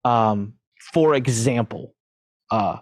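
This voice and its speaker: On a podcast, a male guest with a mid-range voice tells candid stories, mocking himself, joking and laughing as he goes. He's animated, full of fillers, restarts and quick asides, and the recording is dry and studio quality.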